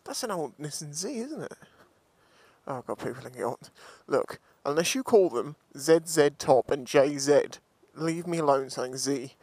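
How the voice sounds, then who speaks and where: A man's voice: on the high side, expressive, normal speed, slightly rough. A man vlogging a motorbike ride, chatting and joking to himself and his viewers through a helmet mic. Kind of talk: casual running commentary. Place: riding a motorbike on the road, later walking a scrap yard. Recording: loud wind and road noise.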